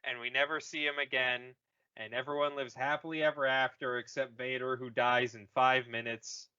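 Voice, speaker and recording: A man hosting a podcast, rambling through a jokey recap of a movie and slipping into quick silly voices. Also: mid-range voice, little pitch movement, bright, forceful tone, clean tone, muffled recording. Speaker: podcast host retelling a movie. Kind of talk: casual comedic recap.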